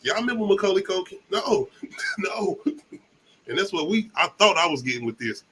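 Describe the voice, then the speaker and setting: A man's voice: high-pitched, sing-song, very fast, bright, forceful tone, slightly rough. A man from the American South co-hosting a movie review, talking in loose, profane, laughing banter. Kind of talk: casual chat.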